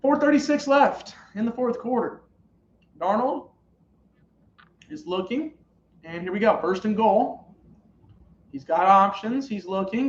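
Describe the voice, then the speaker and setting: A young man streaming live reactions to a football game, calling plays and shouting at big moments. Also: high-pitched, expressive, normal speed, slight background noise. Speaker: sports streamer. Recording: roomy, dull lo-fi live stream audio.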